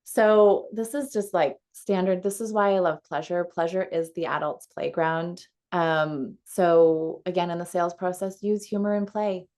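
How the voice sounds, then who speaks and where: Chatty woman coach, slightly low voice. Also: measured pace, hardly any pauses, a little mellow. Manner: chatty, laughs easily, frequent fillers. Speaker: coach leading a community call. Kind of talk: casual teaching talk. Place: at home.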